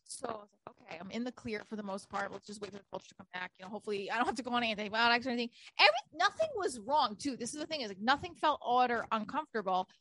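A woman's voice: fairly high pitch, expressive, very fast, hardly any pauses, bright, forceful tone. A woman in her thirties telling candid personal stories in casual chat, swearing freely.

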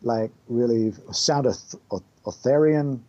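A man's voice: mid-range voice, warm tone, lo-fi sound. A man who learned English as a second language, a composer guest chatting casually with many fillers and restarts. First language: not English. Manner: halting, many fillers, laughs often. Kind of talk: casual podcast chat.

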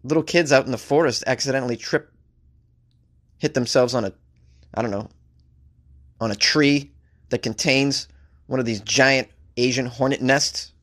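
A man's voice: medium pitch, normal speed, long pauses, a bit bright. A man reading odd news stories aloud and riffing on them, sarcastic and rambling, swearing casually. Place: staying in a hotel abroad.

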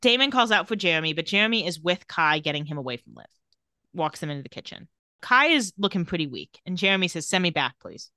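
A woman's voice: on the low side, animated, fast talker, sharp tone, dry recording, studio quality. A woman co-hosting a podcast, casually recapping a TV episode scene by scene and quoting the characters. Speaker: podcast co-host.

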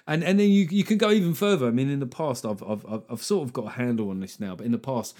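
A man's voice: mid-range voice, fast, a little mellow. A man hosting a podcast, chatting with a guest in joking banter full of teasing asides. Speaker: podcast host. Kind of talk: casual podcast conversation.

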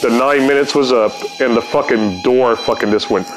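A man's voice: medium pitch, normal speed, over music, low-quality recording. A man telling casual stories as a podcast host, in a profane, slangy, rambling way full of "dude" and "man". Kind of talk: casual storytelling.

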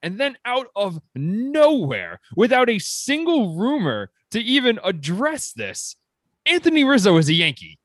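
Excitable man, lively pitch. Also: dry recording. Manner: animated, excitable, rapid swings in pitch. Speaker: podcast co-host. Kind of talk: casual sports chat.

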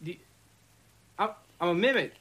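A man's voice: high voice, expressive, normal speed, sharp tone, heavily acted. A man voicing a small, rude male kobold mimic who curses and snaps sarcastically. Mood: irritated. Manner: cursing, irritable, sarcastic.

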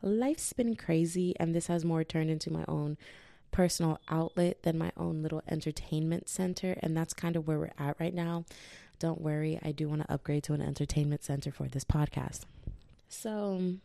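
A young woman hosts her own podcast, spinning a rambling personal story with lots of asides. Her voice sits low and has a gravelly edge. The sound is dry and close, with no room around it. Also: normal speed, dry recording. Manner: animated, rambling, full of asides and tangents. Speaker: podcast host. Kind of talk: casual storytelling monologue.

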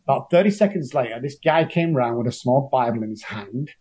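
A man tells his personal story as an interview guest. His voice sits at a middle pitch and has a husky, breathy grain. He speaks earnestly, with emotion running under the words. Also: fairly quick, a little mellow.

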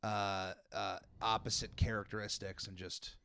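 A man's voice: on the low side, flat delivery, measured pace, creaky, sharp tone, smooth. A young man hosting a podcast, chatting casually with lots of fillers and restarts. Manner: rambling, many fillers and restarts. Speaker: podcast host. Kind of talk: casual chat.

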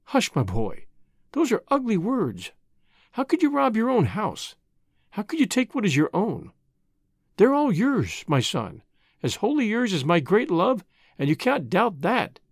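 A soft, tender middle-aged mother in a storybook reading, as a narrator puts her on, her voice rising and falling in wide arcs. The sound is dry and close. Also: mid-range voice, wildly swooping pitch, a little slow, no room sound, voice pushed up, heavily acted. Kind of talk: reading a classic short story aloud.

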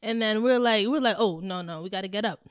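A woman's voice: medium pitch, fast, clean tone, no echo, clean studio sound. A young woman, a resident assistant, telling her side of a story in casual podcast chat and acting out her own reactions. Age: young adult.

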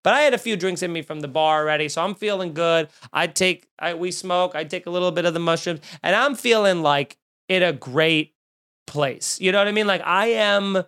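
High-voiced man telling profane stories. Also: normal speed, clean tone. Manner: animated, profane, jokey anecdotes. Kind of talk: casual storytelling.

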